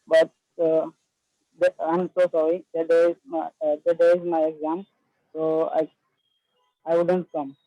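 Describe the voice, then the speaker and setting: A male student reciting a short prepared dialogue in class, with hesitant pauses. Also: on the high side, little pitch movement, warm tone, dry recording. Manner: hesitant, halting. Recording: dull dry call audio.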